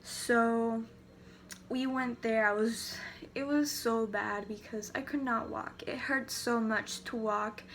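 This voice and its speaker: A woman's voice: fairly high pitch, steady tone, slow pace, a bit bright, a little hiss or hum. A teenage girl telling a personal story to camera in a casual, rambling way, full of fillers and restarts. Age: teens. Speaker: vlogger.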